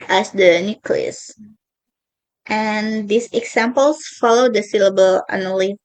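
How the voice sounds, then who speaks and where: A young woman with a medium-pitched voice reads her class presentation on linguistics aloud, carefully stressing each example word. She is a student presenter, and the recording quality is low.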